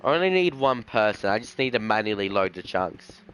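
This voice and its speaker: A man's voice: on the low side, very animated, a little fast, a bit bright, a little hiss or hum. A young man live-streaming a game, chatting casually and rambling in slang, often tossing in "bro". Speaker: gaming streamer. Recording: faint music behind the voice.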